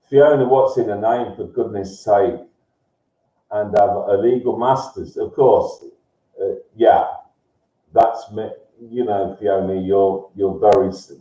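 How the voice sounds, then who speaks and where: A man hosting a live stream, rambling as he reads viewers' messages and breaking into loud, sweary rants. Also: fairly low pitch. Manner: swings into loud swearing rants, laughs a lot. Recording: roomy, distant, dull lo-fi sound.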